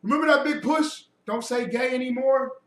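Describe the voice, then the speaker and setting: A man's voice: very high-pitched, moderate pace. A man giving a heated lecture to a group, preachy and mocking, firing off rhetorical questions. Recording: echoey room, mic far off, faint noise.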